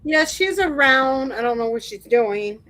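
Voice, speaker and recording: Born in Michigan, this Midwestern American woman is a guest on a live stream, joining by video call for a casual chat. Her voice sits high and sounds animated and a bit bright, unhurried and free of echo, though the audio quality is poor. She laughs a lot and acts out conversations she quotes.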